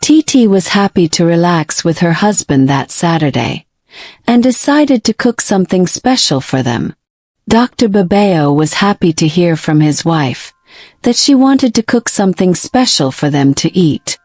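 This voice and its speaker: A woman narrating a folktale with a steady, plain reading. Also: on the low side, a little slow, no room sound, clean studio sound. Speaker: storyteller. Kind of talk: storybook narration.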